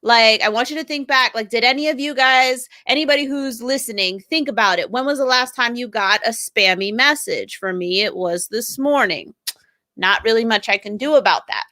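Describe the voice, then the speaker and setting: A woman's voice: on the high side, moderate pace, bright, forceful tone. A woman brand strategist hosting a live stream, chatting upbeat with viewers and greeting commenters by name.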